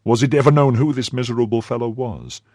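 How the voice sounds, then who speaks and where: A man's voice: mid-range voice, quick pace, darkish tone, dry recording, clean studio sound, pitched above the performer's own voice, lightly acted. A man voicing an impulsive young swordsman, speaking in raised, startled exclamations. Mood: shocked. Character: young male swordsman, impulsive and easily shocked.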